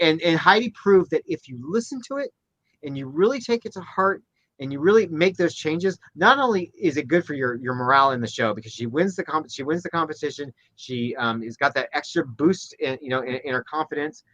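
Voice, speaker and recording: Animated man chatting, lo-fi sound. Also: a little fast. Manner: animated, acts out quotes in high voices, many restarts. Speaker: podcast co-host. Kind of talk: casual chat.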